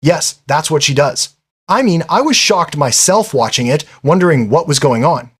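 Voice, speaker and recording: A man's voice: fairly high pitch, expressive, moderate pace, fairly bright tone, breathy edge. A man giving a casual, chatty recap of an anime episode, often throwing in "man" and "I mean".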